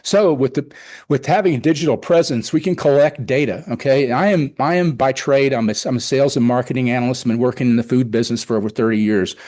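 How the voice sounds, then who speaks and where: A fast-talking middle-aged man, his medium-pitched voice a little mellow, reports to the town board on his car show. At the public meeting he rambles enthusiastically and repeatedly retells conversations.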